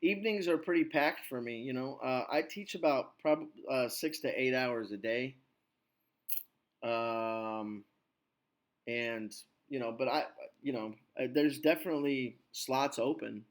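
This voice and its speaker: A man's voice: mid-range voice, measured pace. Chatty man coaching an English student. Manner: chatty, coaching, many "you know" fillers. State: slightly sick, clears throat. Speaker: English teacher. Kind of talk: online English lesson.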